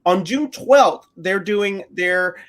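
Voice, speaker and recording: A chatty man with a Southern US accent co-hosts a live talk stream, his voice bright and ringing. He tells stories at an easy, drawn-out pace, his pitch swinging up and down with expression and laughing readily along the way. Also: animated. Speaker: co-host. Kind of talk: casual chat.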